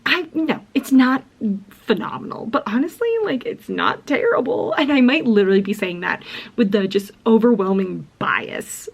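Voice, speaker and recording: Young woman vlogging about a book, breathy and a bit high, giggles a lot, says like constantly. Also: normal speed. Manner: gushing, giggly, full of "like", drops into whispers. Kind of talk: casual reading vlog chat.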